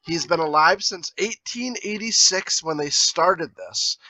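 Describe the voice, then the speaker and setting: A man co-hosting a podcast, sharing loose, halting trivia asides in casual chat. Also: fairly high pitch, sharp tone, dry recording, rough recording. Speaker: podcast co-host.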